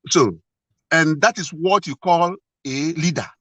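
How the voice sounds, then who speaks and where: Man, earnest personal story, halting restarts, slightly high pitch, dry close sound. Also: pushed and bright, no room sound, low-quality recording. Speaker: guest sharing a marriage problem.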